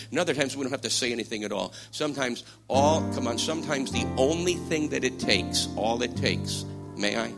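A man preaching a sermon, swinging from hushed, slow passages to loud, emphatic ones. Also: mid-range voice. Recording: music playing behind voice.

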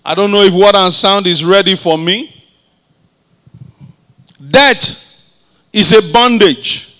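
High-voiced, slow-preaching male pastor. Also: pushed and bright. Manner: call-and-response exhortation, repeats phrases for the congregation. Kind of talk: sermon.

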